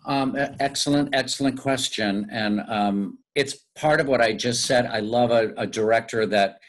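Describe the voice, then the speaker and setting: A male actor telling lively, self-mocking stories in a casual interview. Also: medium pitch, moderate pace. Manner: animated, self-mocking storyteller. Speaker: guest actor.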